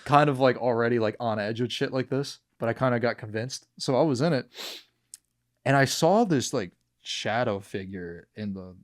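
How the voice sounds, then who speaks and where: Young man from New Jersey, podcast host, mid-pitched voice, excitable, slangy storyteller. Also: normal speed, dry recording, studio quality. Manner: excitable, slangy, says dude and bro a lot.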